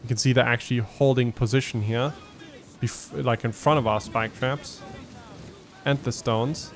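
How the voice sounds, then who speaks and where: A man's voice: mid-range voice, steady tone, unhurried, a little hiss or hum. A man giving casual gameplay commentary as a let's play host, thinking aloud and explaining his tactics with frequent ums.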